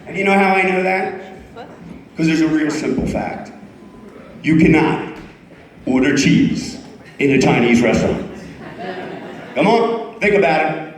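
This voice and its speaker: His voice sits on the high side and he's unhurried, pausing often, as this man in his fifties chats with a club audience and jokes at his own expense. The recording is echoey, with his voice off-mic.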